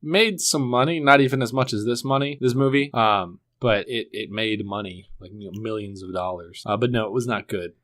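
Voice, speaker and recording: A man's voice: fairly low pitch, moderate pace, hardly any pauses, fairly bright tone. A man co-hosting a movie review podcast, talking loosely and joking, with lots of fillers. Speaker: podcast co-host. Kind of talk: casual chat.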